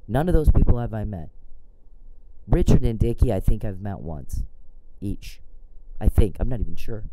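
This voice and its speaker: A man's voice: fairly low pitch, dark tone, a little hiss or hum, rough recording. A man talking in a casual, blunt and profane rant, sounding exasperated. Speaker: commentator.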